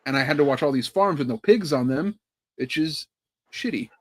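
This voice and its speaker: A man co-hosting a podcast, delivering sarcastic, deadpan hot takes in casual banter. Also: on the high side, normal speed. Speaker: podcast co-host.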